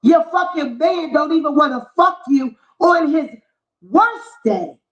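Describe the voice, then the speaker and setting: Ranting woman vlogger, high voice, cursing and mocking, echoey lo-fi room. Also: expressive, unhurried. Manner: profane, heated, mocking rant. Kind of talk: ranting commentary vlog. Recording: echoey, dull lo-fi room sound.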